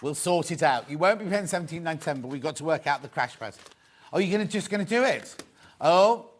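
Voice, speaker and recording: A man presenting a live shopping show, talking briskly and repeating instructions to viewers. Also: fairly high pitch, expressive.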